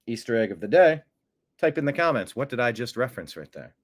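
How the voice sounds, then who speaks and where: A man hosting a political commentary show, animated and sarcastic, who often mocks others by putting on high voices. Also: fast talker. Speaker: host.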